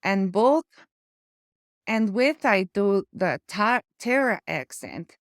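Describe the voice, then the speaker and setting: A woman with an Eastern European accent, talking in a casual vlog, halting and searching for words with small stutters, living with aphasia after a stroke. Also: mid-range voice, expressive, dry recording, clean studio sound. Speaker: memoir vlogger.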